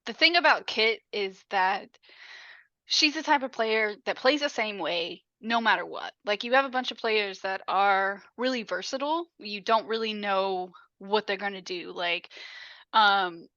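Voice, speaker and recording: A woman with a bright, mid-pitched voice talks through baseball details on a casual podcast and swears now and then. The recording is dry and a little dull, like a lo-fi mic. She explains at length in an easy, chatty way. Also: measured pace, no room sound. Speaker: podcast co-host. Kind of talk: casual movie recap chat.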